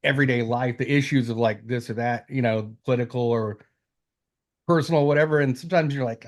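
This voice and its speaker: A man's voice: mid-range voice, brisk, darkish tone. A man co-hosting a podcast, talking in an easygoing, meandering way. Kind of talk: casual podcast chat.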